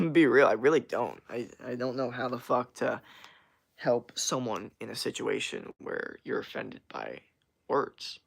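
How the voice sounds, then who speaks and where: A man's voice: medium pitch, lively intonation, unhurried, vocal fry, breathy edge. A young man chatting casually on a livestream, rambling with lots of fillers and slang as he answers chat comments. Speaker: streamer.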